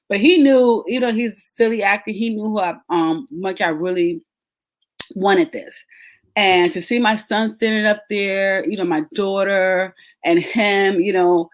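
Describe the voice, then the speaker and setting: A woman's voice: medium pitch, normal speed. Chatty woman in her thirties. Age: 30s. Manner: chatty, addresses listeners as y'all. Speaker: podcast host. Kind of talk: casual storytelling chat.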